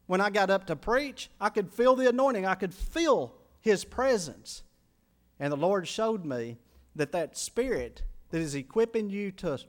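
High-voiced preacher building to fervent peaks. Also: male voice. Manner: emotional testimony, builds to loud pleading climaxes. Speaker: pastor. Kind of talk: sermon.

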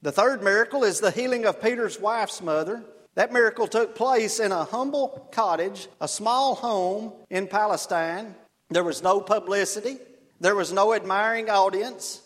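A man's voice: high voice, moderate pace. A man preaching a sermon as pastor, earnest and conversational, telling stories. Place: church. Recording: long reverb of a church hall.

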